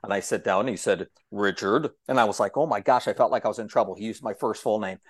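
A longtime broadcaster appears as a talkative guest, a self-described yapper who tells stories in casual conversation and livelily acts out the quoted dialogue. He speaks very fast in a low voice, captured as clean studio sound with no echo.

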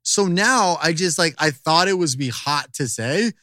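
A man's voice: on the high side, measured pace, dry recording, clean studio sound. A young man co-hosting a podcast, telling crude self-deprecating stories in comedic banter. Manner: animated storyteller, self-deprecating. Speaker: podcast co-host.

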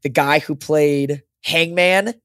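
Young male co-host, casual and excitable, dry close mic. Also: a little high, slow pace, smooth, no room sound. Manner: excitable, swears, says "like" and "dude" a lot. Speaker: podcast co-host. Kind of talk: casual chat.

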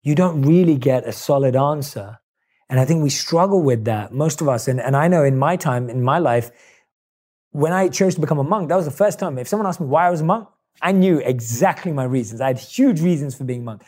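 A man's voice: fairly high pitch, animated, a little fast, a little mellow. A man in his thirties hosting a podcast interview, talking reflectively and affirming his guest. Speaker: podcast host. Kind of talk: conversational interview.

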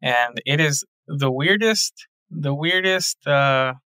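Slow, halting man in a dry room. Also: a little high, expressive, sharp tone, dry recording. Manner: hesitant, halting. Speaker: podcast co-host. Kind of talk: casual chat.

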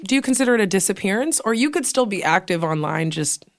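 A woman's voice: mid-range voice, expressive, fast talker, dry recording, clean studio sound. A young woman co-hosting a podcast, chatting casually in a playful, dramatic way and laughing often. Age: young adult. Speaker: podcast co-host. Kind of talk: casual chat.

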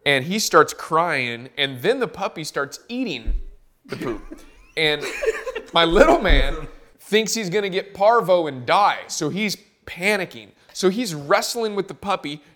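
A man's voice: fairly high pitch, a little slow. Laughing man telling a story. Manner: animated, laughs through his story. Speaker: podcast guest, golf caddie. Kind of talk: casual storytelling.

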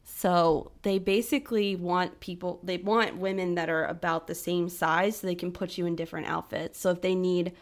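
A woman who performs on stage, chatting as a podcast guest, animated and quick to slip into impressions. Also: on the low side. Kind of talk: casual chat.

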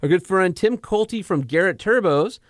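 A man's voice: high voice, lively intonation, normal speed, dry recording, studio quality. Laid-back joking male podcast co-host. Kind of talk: casual chat and ad reads.

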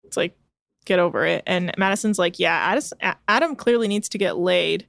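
Recapping a reality show on a casual podcast she co-hosts from home, this woman swears freely, tosses in sardonic asides and quotes people offhand. She speaks fairly quickly in a lowish, gravelly, slightly bright voice, captured in a dry recording.

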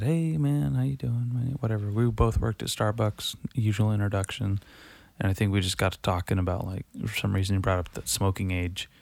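Rambling low-voiced man in a dry room. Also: a little mellow, no echo. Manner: rambling and confessional, heavy swearing and filler words. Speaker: podcast host. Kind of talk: late-night solo podcast monologue. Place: darkened room lit by Halloween lights.

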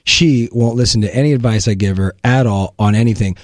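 A man's voice: lowish voice, brisk, a little mellow, no room sound, studio quality. Wry man teasing his partner. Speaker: partner of the guest. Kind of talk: casual chat.

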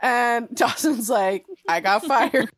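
A podcast co-host casually recaps a TV episode in a high-leaning voice, taking her time, saying "like" constantly and laughing often. The chatty woman is captured in clean studio sound with no room sound.

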